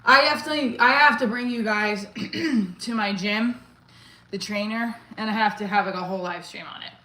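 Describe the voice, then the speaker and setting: Breathless from exercising, the comedian live-streams her workout, reading viewers' comments, responding chattily, and calling out her rep count. She talks at normal speed in a pushed, bright mid-range voice, with an echoey room and poor audio.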